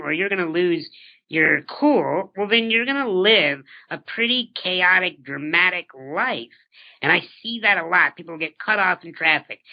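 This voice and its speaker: A man in his thirties, an interview guest, talking earnestly and reflectively, often posing rhetorical questions and repeating words as he starts a thought. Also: on the high side. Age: 30s. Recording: dull lo-fi recording.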